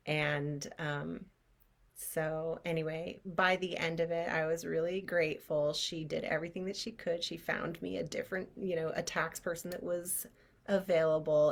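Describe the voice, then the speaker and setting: Animated, chatty woman teaching a class. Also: on the low side, creaky. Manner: animated and chatty, with playful sound effects. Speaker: clairvoyant energy teacher. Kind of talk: casual online class.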